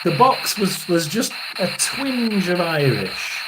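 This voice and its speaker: A man in his sixties doing a live tarot and spirit reading as a psychic medium, halting and rambling, often clearing his throat. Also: high-pitched, big pitch swings, very noisy.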